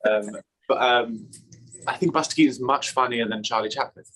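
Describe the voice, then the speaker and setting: A man's voice: medium pitch, brisk, fairly bright tone, low-quality recording. An English man guest in casual interview chat, rambling and restarting his sentences, laughing often. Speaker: magician guest.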